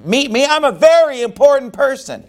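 A self-important ancient general sputters his outrage in a high, strained voice, as a preacher acts him out. He sounds offended and indignant, as if he cannot believe he has been slighted. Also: expressive, normal speed, slight background noise. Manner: huffy, outraged complaining.

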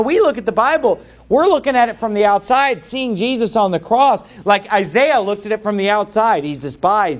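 A man delivers a sermon with a voice pitched high for a man. His delivery is animated, rising and falling widely as he reads scripture and explains it. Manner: impassioned, reads scripture aloud in King James wording. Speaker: preacher.

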